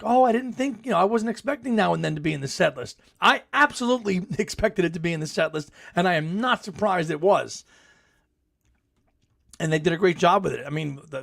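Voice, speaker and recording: Chatty gravelly-voiced man hosting live chat. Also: high-pitched. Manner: chatty, laughs often, enthusiastic sports cheering. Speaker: podcast host. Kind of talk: live chat reading viewer comments.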